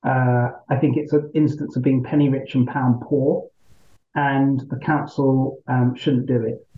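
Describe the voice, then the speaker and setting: A man's voice: medium pitch, level tone, narrow, tinny audio. Roomy-sounding male politician answering questions. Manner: measured, argumentative, frequent "right?" and "look". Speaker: member of parliament, guest.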